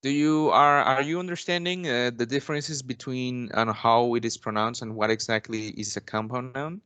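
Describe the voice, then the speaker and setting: This young adult Mexican man, Spanish being his first language, plays a teacher in a role-played English lesson with a steady, clear, resonant, slightly bright voice at normal speed and an average male pitch. Politely formal, he keeps saying "actually" and restarting phrases. The sound is close and dry, with hardly any room echo.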